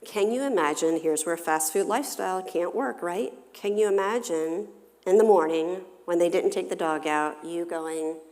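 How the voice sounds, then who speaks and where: A woman's voice: on the low side, moderate pace, darkish tone, big-room sound. A woman counselor giving a parenting talk in a church, engaging her listeners with questions. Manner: engaging, poses questions to the audience. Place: church hall.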